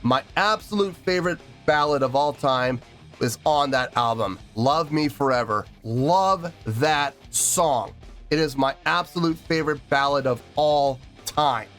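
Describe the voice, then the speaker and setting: A man hosts a music reaction video in a voice on the high side, a bit bright and measured in pace. Choked up and teary, he talks earnestly and rambles, repeating himself in casual reaction commentary.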